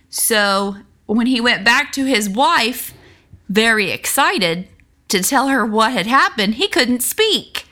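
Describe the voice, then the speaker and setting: A woman's voice: on the high side, expressive, slow, bright, forceful tone. A woman giving a casual, earnest Bible lesson, reading scripture aloud and talking it over with many fillers and restarts. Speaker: Bible study teacher.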